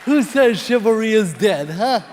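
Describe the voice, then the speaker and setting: Male stand-up, high voice, self-mocking punchlines, stage mic in a big reverberant hall. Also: expressive, a little slow. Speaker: stand-up comedian. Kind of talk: stand-up comedy set. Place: large theater stage before a live audience. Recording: reverberant hall with loud crowd noise.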